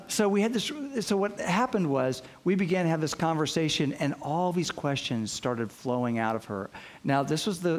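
A man preaching a sermon, telling stories with lively acted-out quotes and frequent restarts. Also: medium pitch. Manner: storytelling, acts out quoted voices, frequent restarts. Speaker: pastor.

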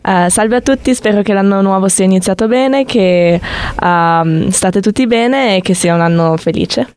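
A young woman guest on a radio show, chatting in a relaxed way and switching easily between languages. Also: mid-range voice, normal speed, clean tone. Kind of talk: casual radio chat.

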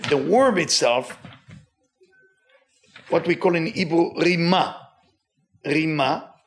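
This is a weekly Torah lesson led by a man whose non-native accent is clearly audible. He's lively, lets his pitch rise and fall widely, and repeats himself to drive points home.

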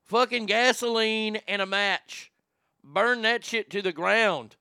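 A man's voice: high voice, takes it slowly, creaky, pushed and bright, clean tone, dry recording. A man co-hosting a podcast, rambling through news stories in crude, profane, casual commentary. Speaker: podcast co-host.

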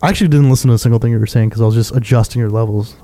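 A young man hosting a podcast in casual chat, loud and teasing, swearing freely. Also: mid-range voice, racing. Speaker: podcast host.

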